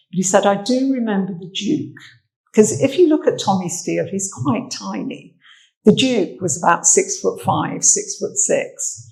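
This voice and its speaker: A woman's voice: on the low side, vocal fry, darkish tone, low-quality recording. An English woman, a social history researcher, giving a chatty, anecdotal armchair talk about old photographs, with fillers. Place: indoor talk venue.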